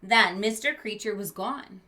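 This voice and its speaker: A woman teacher reading a storybook aloud to children at an unhurried pace. She pauses to explain words and quiz her listeners, sometimes dropping to a whisper. Her voice is bright and clear. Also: medium pitch. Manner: stops to explain words and ask children questions; drops to whispered asides.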